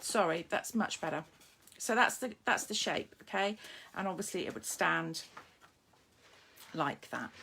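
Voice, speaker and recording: A woman's voice: lowish voice, animated, a little slow, gravelly, sharp tone, slight background noise. A middle-aged woman running a live card-making demo, chatting and poking fun at herself while she greets viewers and works at her desk. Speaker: papercraft demonstrator.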